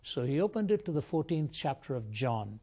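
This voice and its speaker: A man's voice: on the high side, sing-song, a little fast, a little mellow, slightly rough. An older man from India, a Christian apologist, telling his life story as an interview guest in an earnest, reflective way.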